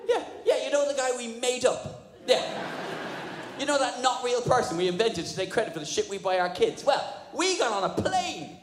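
On a stage mic at a live comedy venue, a man with a very high voice talks a little fast through a sardonic, sweary routine. His storytelling is animated, and the room is echoey with audience noise.

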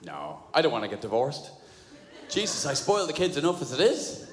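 A middle-aged man performing a fast, animated stand-up comedy routine, slipping into put-on voices. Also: a little high. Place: large venue with audience. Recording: echoey hall with audience ambience.

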